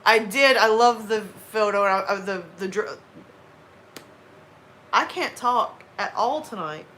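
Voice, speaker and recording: A woman's voice: mid-range voice, lively intonation, slow pace, a bit bright. A woman from the American South with a light Southern accent, chatting casually and laughing with her live stream viewers. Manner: chatty, laughs often, slips into drawled Southern phrases.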